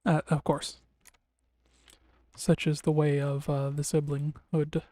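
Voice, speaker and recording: A man streaming a game live, making relaxed, rambling commentary with wry, sarcastic asides. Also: fairly high pitch, slow, slight background noise. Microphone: desk mic on a streaming setup.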